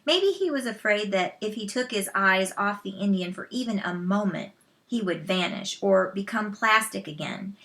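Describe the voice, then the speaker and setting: A woman reading a children's novel aloud, slow and measured, with soft asides to listeners. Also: medium pitch, lively intonation, gravelly. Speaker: storyteller.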